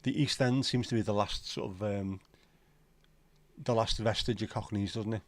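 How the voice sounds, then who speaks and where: Speaking at a normal pace in a lowish voice, this middle-aged man with a Liverpool accent runs a livestream and rambles casually to viewers, swearing and airing strong opinions. There's no room sound on the recording.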